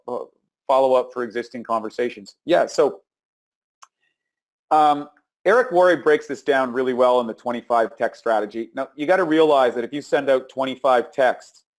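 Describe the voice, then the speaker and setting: A man in the middle of the usual pitch range coaches network marketers on a live webinar. He talks loosely, with fillers and repeated words, and punches up the sample lines he acts out. His pitch swings between low, quiet asides and high, emphatic bursts. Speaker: sales coach.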